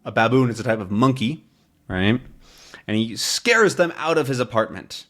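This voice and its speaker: A man hosting a lesson, reading a comic with beginner English learners and explaining words slowly and plainly. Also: fairly low pitch, animated, a bit bright. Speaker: English teacher, channel host.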